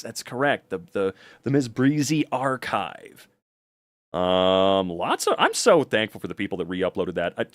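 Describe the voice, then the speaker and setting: A man's voice: on the low side, dry recording, studio quality. A tired man chatting casually on a livestream, reading the chat, rambling and swearing a lot.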